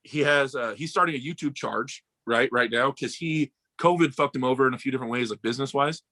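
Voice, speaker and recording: Young american guy talking fast, bright voice, dry close sound, acts out everyone in his stories. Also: medium pitch, no echo. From United States. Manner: animated, swearing, acts out quoted voices. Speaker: podcast guest. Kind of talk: casual storytelling chat.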